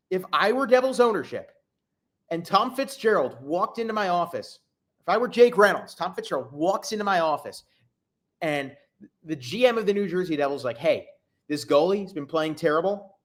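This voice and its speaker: A man hosting a solo sports podcast, exasperated, swinging between low muttering and loud outbursts. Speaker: podcast host.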